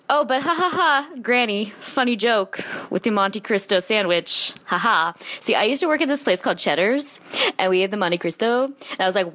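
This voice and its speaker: A chatty woman rants through her podcast opinion segment with sarcastic exasperation. Her pitch jumps around animatedly, climbing high for emphasis and then settling back down. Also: fairly bright tone. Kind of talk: casual opinion rant.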